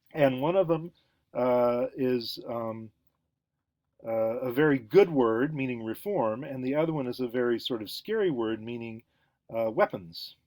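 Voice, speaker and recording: Male lecturer, mid-pitched, halting and filler-heavy delivery, lively when demonstrating; small quiet room, dry. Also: no room sound. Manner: hesitant, many fillers and restarts; animated when acting out examples. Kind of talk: casual recorded lecture.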